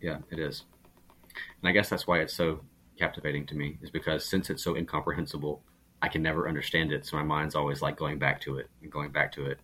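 Podcast guest: man with a very deep, husky voice, earnest and thoughtful. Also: little pitch movement, fast talker, sharp tone. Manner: reflective, earnest, restarts often. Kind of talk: casual chat.

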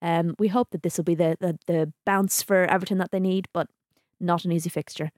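Chatty woman, lowish voice. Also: steady tone, a little fast, a little mellow, dry recording, clean studio sound. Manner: chatty and enthusiastic, teasing. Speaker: podcast co-host. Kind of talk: casual football chat.

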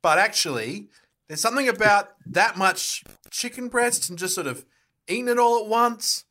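A man's voice: high-pitched, moderate pace, sharp tone. A man co-hosting a casual podcast, joking and laughing often. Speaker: podcast co-host.

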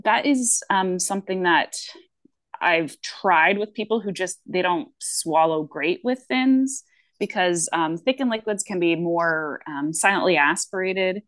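A woman co-hosting a casual podcast, speaking as a working clinician. Her voice sits on the low side and she rambles, restarting thoughts with plenty of fillers. The sound is dry and close, with no room around it. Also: unhurried, fairly bright tone, no room sound. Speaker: speech-language pathologist, podcast co-host.

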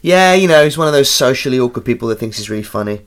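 A man co-hosting a casual comedy podcast, talking in a lively, bouncy way with lots of swing in his pitch. He is jokey and animated, and keeps slipping into silly put-on voices. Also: rapid-fire, clear, resonant tone. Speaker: podcast co-host.

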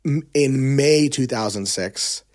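A mid-range voice at a slow pace belongs to a middle-aged man who works as a songwriter and agent. In casual conversation he tells an animated story, quoting others amid many fillers.

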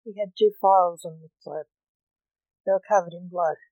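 A reader narrating a story aloud in a slow, measured way. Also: mid-range voice, steady tone, no echo, phone-quality sound.

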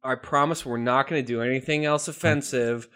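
A man's voice: medium pitch, fairly even intonation, fairly quick, a bit bright. Joking young man co-hosting a podcast. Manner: joking, playful, jumps between voices. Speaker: podcast co-host. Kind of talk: casual chat.

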